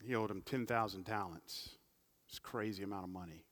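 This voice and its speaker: A man preaching a sermon, swinging between big loud climaxes and quiet, humorous storytelling asides. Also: fairly low pitch, brisk. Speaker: pastor.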